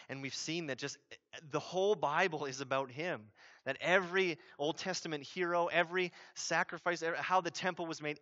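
A man's voice: fairly high pitch, pushed and bright, no room sound, lo-fi sound. A man preaching a sermon as pastor, conversational and emphatic, acting out what people say.

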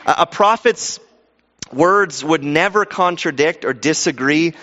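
A man preaching a sermon with animated delivery, stumbling into restarts and acting out quoted voices. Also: on the high side, unhurried. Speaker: pastor. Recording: dull sound with long hall reverb.

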